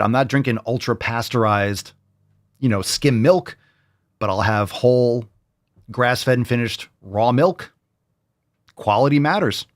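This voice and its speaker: A man's voice: medium pitch, no echo, studio quality. A man hosting a fitness talk show, ranting crudely and heatedly with sarcastic mimicry. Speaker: host. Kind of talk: profane ranting commentary.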